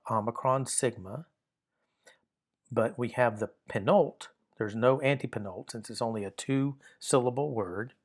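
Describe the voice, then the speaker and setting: A man teaching a lesson on Greek grammar, explaining rules patiently and repeating key points. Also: mid-range voice.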